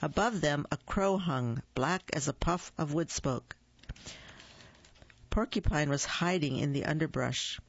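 A reader narrating a children's holiday story in a slow, deliberate way. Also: medium pitch, creaky, husky, highs cut off. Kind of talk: children's story read-aloud.

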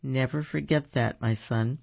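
A man's voice: mid-range voice, fairly even intonation, vocal fry, darkish tone, no room sound. A man reading aloud, voicing a stern but loving father from colonial times, with a slightly raised, firm voice on a dull, dry recording. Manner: stern, measured.

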